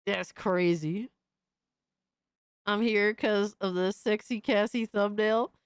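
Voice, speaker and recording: A woman streamer reacting to clips live, with loud, incredulous exclaiming and cursing. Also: mid-range voice, steady tone, a little slow, clean tone, no echo, studio quality. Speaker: streamer host.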